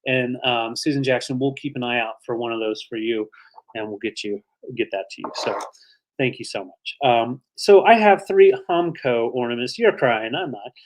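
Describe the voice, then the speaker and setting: During a live online vintage auction, a male co-host with a medium, animated voice chats at normal speed. He presents items, thanks viewers, and rambles emotionally, using lots of filler words.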